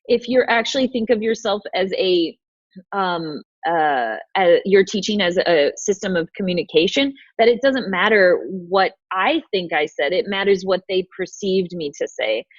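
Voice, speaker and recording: A woman's voice: mid-range voice, animated, moderate pace, dry recording. A woman hosting a casual chat on a video call, thoughtful and searching for her words. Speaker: host. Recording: dull, lo-fi video call audio.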